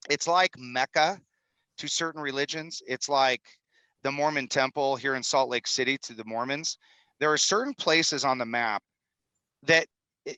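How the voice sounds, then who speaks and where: Upbeat fifty-something man, bright and dry. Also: on the high side, dry recording, rough recording. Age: 50s. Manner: energetic, salesman-like, rambling. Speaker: guest, film executive producer. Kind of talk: animated podcast interview talk. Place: studio in Utah.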